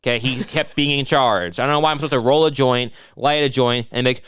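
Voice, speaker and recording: A man's voice: medium pitch, a little fast, hardly any pauses, a bit bright, smooth, no echo. A young man co-hosting a podcast in casual, profane, rambling banter, slipping into mock voices of people he talks about. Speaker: podcast co-host.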